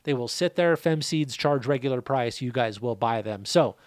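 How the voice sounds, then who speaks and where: A man's voice: medium pitch, animated, normal speed, no room sound, clean studio sound. A man hosting his own channel, answering a viewer's question in a laid-back, casual way, swearing now and then and running through figures. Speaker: seed breeder and channel host.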